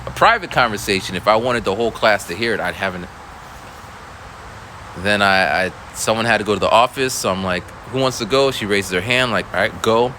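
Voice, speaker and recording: A man's voice: fairly low pitch, fairly quick, sharp tone, a little hiss or hum. A male schoolteacher telling a story in a casual, rambling monologue, full of restarts and voiced quotes. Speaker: school teacher.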